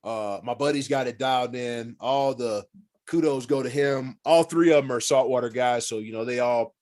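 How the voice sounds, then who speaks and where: A man telling hunting and fishing stories as a podcast guest in casual, animated talk, swearing freely and acting out what people said. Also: medium pitch, moderate pace. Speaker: podcast guest, former pro football player. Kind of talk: casual storytelling.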